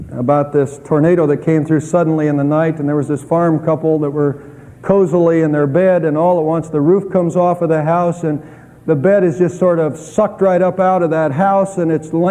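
Middle aged pastor guy preaching, kinda high but mellow voice, earnest, loud then soft, big echoey church hall. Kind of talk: sermon. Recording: echoey hall with long reverb.

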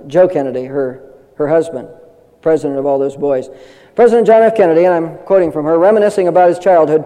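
A man's voice: fairly high pitch, dark tone, in a large hall, low-quality recording. An older man preaching a sermon in an earnest way, building up to emphatic declarations. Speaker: pastor.

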